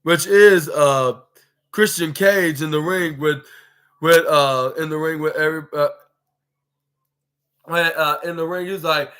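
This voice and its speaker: Male podcast host, bright and slightly high voice, halting and rambling delivery full of fillers. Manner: rambling, halting, many fillers and restarts, acts out quotes. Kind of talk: casual wrestling recap.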